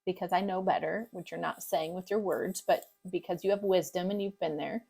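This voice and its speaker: A woman's voice: fairly low pitch, steady tone, vocal fry, husky. Affirming woman podcast host. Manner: affirming, quick to agree, acts out parent thoughts brightly. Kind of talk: podcast conversation.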